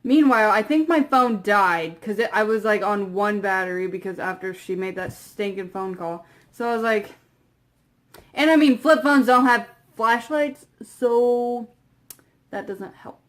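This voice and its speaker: A young woman vlogger telling a long story to camera in a rambling, casual way, full of fillers and quiet trailing asides. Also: mid-range voice, measured pace.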